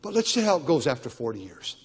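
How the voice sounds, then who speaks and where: An older male pastor delivers a Baptist sermon, pressing his points through emphatic repetition. His voice sits high for a man, and it rings out with the long reverb of a church auditorium. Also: very animated, fast, a little mellow, husky.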